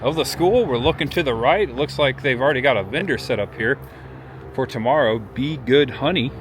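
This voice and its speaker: A man's voice: mid-range voice, lively intonation, fairly quick, soft background music. A man giving a casual, chatty walkthrough of a pioneer museum, pointing things out as he walks from an old schoolhouse out into a village. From Indiana family roots. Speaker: vlogger touring a museum.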